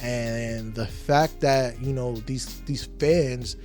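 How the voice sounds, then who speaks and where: A man's voice: medium pitch, steady tone, slow, a little mellow, faint music behind. A man hosting a podcast, delivering an emphatic, profane, heated opinion rant. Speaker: podcast host.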